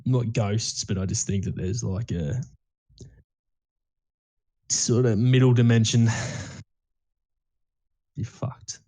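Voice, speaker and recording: A man's voice: fairly low pitch, slow, long pauses, dark tone, husky. A young man, co-hosting a podcast in casual chat, rambling and swearing freely. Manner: rambling storytelling, swears freely, many fillers. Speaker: podcast co-host.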